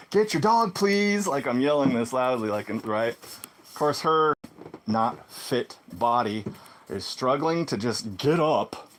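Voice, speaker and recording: A man telling a personal story in a casual vlog monologue, swinging between loud exclamations and low muttered asides. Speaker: vlogger.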